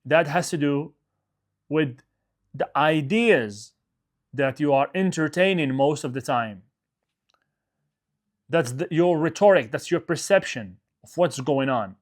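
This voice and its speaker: A man's voice: on the high side, slow, pauses often. Man giving an emphatic motivational talk. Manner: emphatic, repeats phrases, frequent "okay?" check-ins. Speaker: coach.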